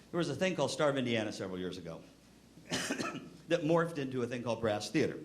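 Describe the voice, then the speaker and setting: An older man giving a humorous storytelling talk to band directors, acting out the people in his stories with big jumps in his voice. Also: a little hiss or hum. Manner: lively anecdotal delivery, acting out quoted voices with pitch jumps. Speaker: band music clinician speaking to band directors.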